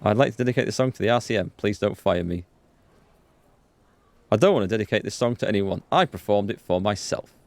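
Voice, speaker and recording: A man's voice: fairly low pitch, animated, fairly quick, darkish tone. A man hosting a let's play, reading game text aloud and commenting casually with frequent chuckles.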